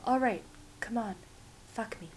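A woman's voice: a little high, unhurried, a little mellow, a little hiss or hum, lightly acted. A woman voicing a brusque young male cop in an audiobook story reading, with clipped, blunt speech. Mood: low whisper.

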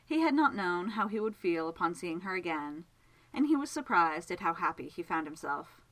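Expressive woman reading a story aloud. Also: on the low side, moderate pace, poor audio. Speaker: reader. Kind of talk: storybook narration read aloud.

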